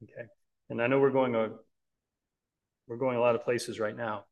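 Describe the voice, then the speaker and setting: A man's voice: mid-range voice, flat delivery, moderate pace, creaky, highs cut off. A man preaching a Bible-teaching sermon in an earnest, emphatic way, often checking in with listeners.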